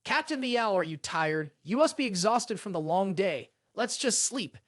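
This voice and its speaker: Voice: mid-range voice, animated, a little slow, dry recording, studio quality. A narrator voicing a cheeky, scheming young male detective who talks in a teasing, wheedling way.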